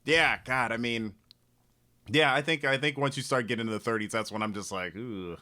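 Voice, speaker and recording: A man co-hosts a casual podcast chat in a bright, forceful voice of middle pitch. He talks in an easygoing way, hedging with fillers and breaking into laughs. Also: brisk. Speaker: podcast co-host.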